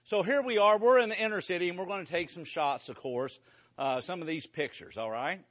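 A man preaching to a congregation, telling a lively story about a mission trip with casual asides to the listeners. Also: high voice, a little fast, muffled recording. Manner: conversational, animated storytelling with asides to the audience. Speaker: preacher giving a mission report.

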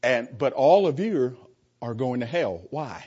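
A man with a husky, slightly rough voice preaches to a small class and speaks straight to the people in front of him. He is sarcastic and chuckles often. The recording is muffled and lo-fi. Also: medium pitch, lively intonation, a little slow, dark tone. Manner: sarcastic, chuckling, addresses the room directly. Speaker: preacher teaching a Bible class. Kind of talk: informal classroom sermon.

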